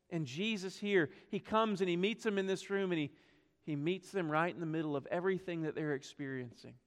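Earnest high-voiced preacher in a reverberant hall. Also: male voice, fairly bright tone. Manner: earnest, swells and drops, rhetorical questions. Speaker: pastor. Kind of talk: sermon.

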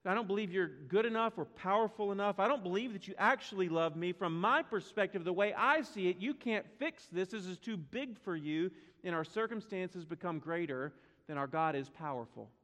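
A man's voice: high voice, expressive, normal speed, a bit bright. A man preaching a sermon to his congregation, emphatic and repetitive, asking the church questions. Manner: emphatic, repeats words for stress, asks the congregation questions. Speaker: pastor. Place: church sanctuary. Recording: long hall reverb.

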